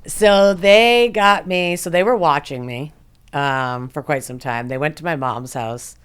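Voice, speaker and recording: A woman guest on a podcast, telling her story in casual chat, animated and profane, laughing often and acting out what people said. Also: deep voice, a little slow, clear, resonant tone.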